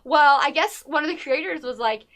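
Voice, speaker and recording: A woman's voice: high-pitched, normal speed, fairly bright tone, a little hiss or hum. A woman co-hosting a TV talk show, chatting casually and gushing about a documentary, with many fillers. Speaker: podcast co-host.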